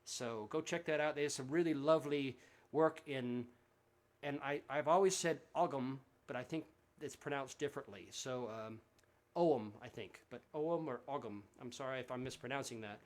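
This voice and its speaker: A singer-songwriter from Central Texas, speaking at medium pitch and a moderate pace, fills the gaps between songs in a livestream concert from his home. His chat is casual and meandering, friendly, with lots of fillers and restarts on a livestream microphone.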